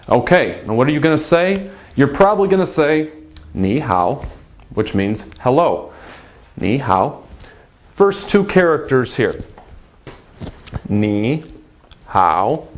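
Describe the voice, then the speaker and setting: A man teaching a casual spoken language lesson, patiently repeating phrases slowly for learners to copy. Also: mid-range voice.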